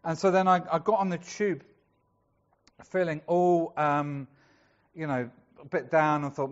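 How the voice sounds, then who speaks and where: A man's voice: fairly high pitch, fairly even intonation, measured pace, long pauses, muffled recording. A male pastor preaching a sermon in a chatty storytelling way, acting out the voices of the people in the story.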